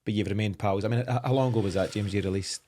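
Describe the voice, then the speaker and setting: Male host, low and brisk; relaxed interviewer. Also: a little hiss or hum. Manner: easygoing interviewer prompting stories. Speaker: podcast host. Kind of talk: interview chat.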